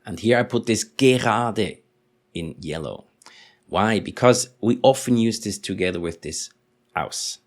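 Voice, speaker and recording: A man teaching in English, explaining patiently and slowly repeating example sentences. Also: fairly low pitch, lively intonation. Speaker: German teacher. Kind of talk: language lesson explanation.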